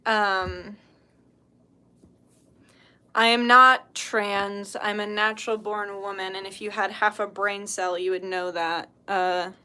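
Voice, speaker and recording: A woman's voice: medium pitch, level tone, slow pace, sharp tone. A woman hosting a casual livestream, chatting, telling stories with laughs and reading comments, blunt when annoyed. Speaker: spiritual healer and livestream host.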